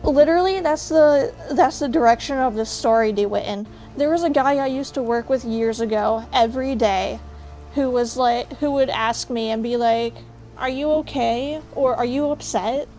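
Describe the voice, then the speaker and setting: A woman's voice: fairly high pitch, normal speed, a little mellow, soft background music. A young woman streaming, chatting casually and ranting bluntly with jokes to her chat. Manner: blunt, joking rants to chat.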